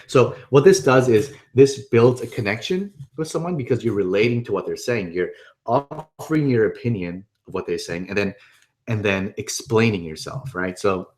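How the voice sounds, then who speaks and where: A man with a slightly low voice teaches a webinar in an easy, conversational way. He stays upbeat and keeps checking in with his listeners as he explains each point. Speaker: webinar presenter. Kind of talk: casual instructional talk.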